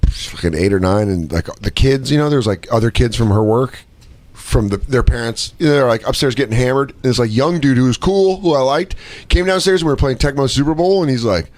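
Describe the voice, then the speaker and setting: A man's voice: medium pitch, brisk. A man co-hosting a podcast in casual chat, telling stories with a lot of swearing and acting out the people he quotes. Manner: animated storyteller, swears freely, acts out quoted voices. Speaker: podcast co-host.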